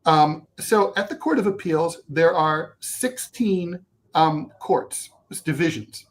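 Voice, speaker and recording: A man co-hosting a talk show, telling a long personal story in casual chat, animated and swearing, with many restarts and asides. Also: a little high, slow pace. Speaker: co-host.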